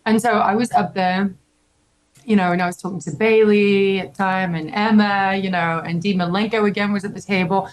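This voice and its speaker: A young adult woman on a podcast telling a story in a lively, casual way, full of "like" and swearing. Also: medium pitch, moderate pace, poor audio. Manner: animated, heavy filler "like", casual swearing. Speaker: podcast guest.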